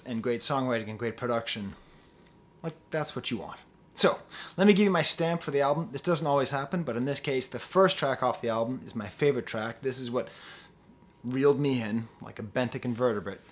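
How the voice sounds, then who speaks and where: A man's voice: medium pitch, fairly bright tone. A man giving a casual talk-to-camera album review, rambling and digressive with lots of fillers, earnest and pleading in his enthusiasm.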